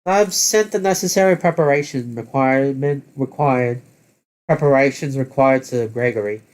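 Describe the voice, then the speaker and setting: A man's voice: medium pitch, normal speed, darkish tone, lightly acted. A man voicing a helpful young crew planner in a matter-of-fact, slightly raised voice.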